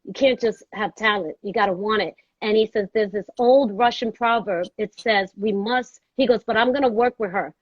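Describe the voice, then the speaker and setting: A woman's voice: medium pitch, normal speed, few pauses, no room sound. A woman from Brooklyn, telling a story as a guest and acting out the voices she quotes. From Brooklyn, New York. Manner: lively storyteller who acts out quoted voices. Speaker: guest, actress. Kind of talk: storytelling conversation. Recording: dull, dry sound.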